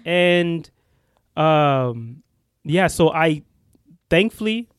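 Young man, podcast co-host, casual storytelling, rambling restarts, slightly high voice, dry close sound. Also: lively intonation, drawn-out words, smooth, dry recording. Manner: rambling with many restarts and fillers.

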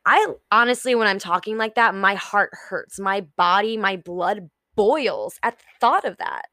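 Slow-talking young woman podcaster, dry close mic. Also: medium pitch, lively intonation, pushed and bright, no room sound. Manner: candid, swears freely, acts out her own inner voice. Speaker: podcast host. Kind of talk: solo motivational podcast talk.

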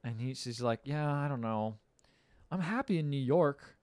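In an informal podcast chat, a man walks through a film's plot and acts out its quoted lines, laughing and swinging his delivery. His pitch is medium, his speed normal, and the audio has no echo.

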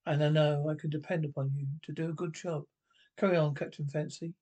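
A man reading the part of a blustering police commander, giving a brisk speech with stumbles. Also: a little high, level tone, a little mellow, natural voice. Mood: rousing. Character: blustering male police commander addressing his men.

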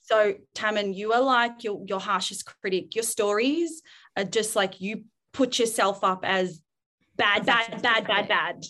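A woman's voice: mid-range voice, a little slow, fairly bright tone. A woman, a parenting expert in casual podcast chat, speaking frankly and acting out quoted voices.

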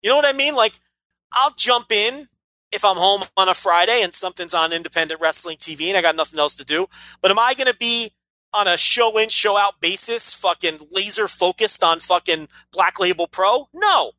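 A man's voice: sits high, lively intonation, moderate pace, bright, forceful tone, low-quality recording. A man co-hosting a casual wrestling podcast, rambling and blunt, swearing freely. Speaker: podcast co-host.

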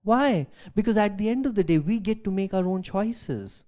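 A man, a pastor, preaching a sermon, reading scripture aloud and asking rhetorical questions, swinging from loud emphasis to quiet asides. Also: high-pitched, animated, moderate pace. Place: church.

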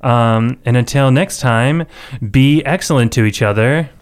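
A man hosting a podcast in casual chat, chatty and quick to laugh. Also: mid-range voice, clear, resonant tone. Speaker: podcast host.

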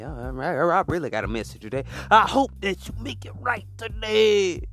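High-voiced man preaching with rising shouts. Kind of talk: impassioned sermon.

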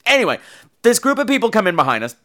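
Campy gay podcast guy, bright voice, swoops up and down a lot, playful voices. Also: high voice, very animated, fast. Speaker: podcast host. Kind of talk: casual solo podcast chat.

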